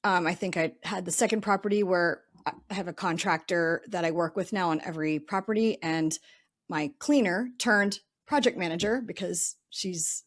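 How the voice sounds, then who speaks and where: A middle-aged woman talking through her ideas in a relaxed podcast interview. She is chatty, loose and reflective, and she thinks aloud with frequent "um" and "you know.". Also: fairly low pitch, normal speed. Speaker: podcast guest, real estate investor. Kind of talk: casual interview talk.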